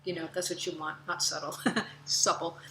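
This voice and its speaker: A middle-aged woman voice teacher giving a casual lesson, relaxed and chatty, breaking into loud vocal demonstration sounds. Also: fairly low pitch, moderate pace, reverberant, a little hiss or hum.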